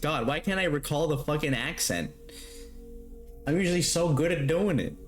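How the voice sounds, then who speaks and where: A man's voice: fairly high pitch, animated, moderate pace, faint music behind. A man streaming a story game, chatting in a rambling, casual way. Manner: rambling, chatty, laughs often. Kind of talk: casual gameplay commentary.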